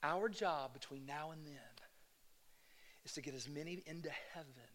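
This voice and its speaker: Man, pastor, high voice, preaching, rhetorical questions, loud peaks and quiet lows. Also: moderate pace, pauses often. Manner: swings from hushed lows to loud exhortation. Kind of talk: sermon.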